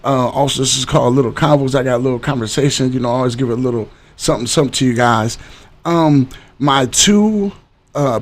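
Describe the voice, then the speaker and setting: A man's voice: mid-range voice, slight background noise. A man hosting a livestream podcast, talking casually and loosely to his audience, repeating himself and hyping up viewers. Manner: loose and rambling, repeats words, hypes up the audience. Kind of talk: casual talk to a live stream audience.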